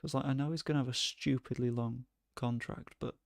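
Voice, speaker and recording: A man chatting casually as he streams a football management game, rambling and breaking into sudden excited outbursts. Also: medium pitch, a little fast, gravelly. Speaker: gaming streamer. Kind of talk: casual gameplay commentary.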